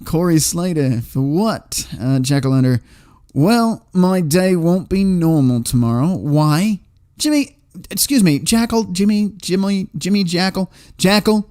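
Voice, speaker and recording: A man's voice: sits high, measured pace, a little mellow. A man hosting a livestream, reading chat comments aloud in a rambling, profane way and laughing often.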